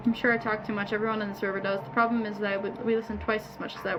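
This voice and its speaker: A woman streamer reading game dialogue aloud with playful asides, her voice a bit hoarse. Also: medium pitch, flat delivery, rapid-fire, over music. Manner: reads lines in character, playful asides.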